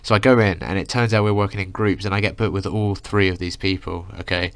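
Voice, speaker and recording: A man's voice: low voice, fairly even intonation, fast, a bit bright, clear, resonant tone, dry recording. A young man ranting through a casual storytime, rambling with lots of filler words. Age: young adult. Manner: rambling, full of "like" and "you know". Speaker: vlogger.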